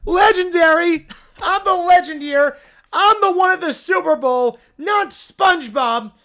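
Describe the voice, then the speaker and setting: A man voicing a spoiled, self-centered little boy who whines and shouts in a panic. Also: very high-pitched, a little slow, voice pushed up, exaggerated voice. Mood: whining.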